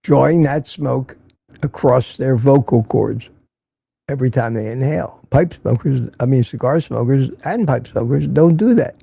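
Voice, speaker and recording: A man's voice: medium pitch, normal speed, gravelly, mellow, husky, no echo. An older man hosting a casual livestream, reading viewer comments and giving blunt, opinionated remarks that he often repeats for emphasis. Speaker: livestream host.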